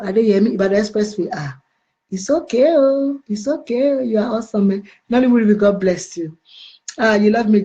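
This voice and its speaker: A middle-aged woman with a Nigerian accent, based in the United Kingdom, chats casually on a live stream, reading viewer comments and greeting people by name. She's chatty and playful, answering with blessings. Her mid-range voice is mellow, though the recording is muffled.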